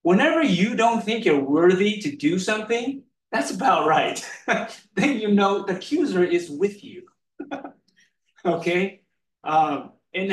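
A man gives a relaxed, conversational sermon, slow and unhurried, often laughing and tossing in "right?" His voice sits a bit high and is heard from some distance in a roomy, echoing hall. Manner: chatty, laughs often, keeps asking "right?". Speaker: preacher. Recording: echoey room, mic far off.

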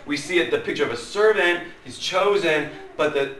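Joking guy pastor teaching sunday school, voice on the high side, sweaty and loud, echoey church room. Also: moderate pace. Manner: playful, joking, laughs often. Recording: echoey room, faint ambience.

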